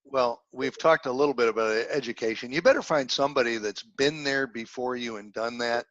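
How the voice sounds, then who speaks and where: A man's voice: mid-range voice, muffled recording, noisy background. Folksy middle-aged man telling stories. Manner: animated storyteller, folksy, quick with jokes. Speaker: guest, real estate investor and instructor. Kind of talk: casual storytelling interview.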